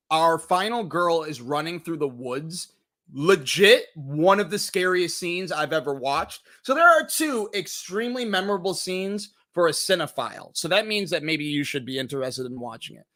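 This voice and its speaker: A young man hosting a casual movie review stream, telling stories animatedly and swearing freely. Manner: animated storytelling, swears freely, jumps in pitch acting out quotes.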